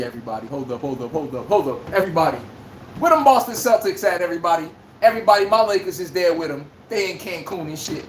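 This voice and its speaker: Male livestream sports host, loud and profane, speech, echoey room, faint background noise. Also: sits high. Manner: animated, profane, trash-talking. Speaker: podcast host. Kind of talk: casual sports commentary livestream.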